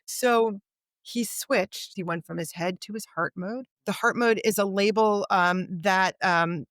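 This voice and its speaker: A woman of middle pitch tells a story in a podcast conversation and brings the people in it to life as she goes. She acts out their lines with vivid changes in her voice. The recording is dry and close, with no room sound. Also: a little slow, fairly bright tone, no echo. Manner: vivid anecdote teller, acts out quoted dialogue. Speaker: podcast guest, author.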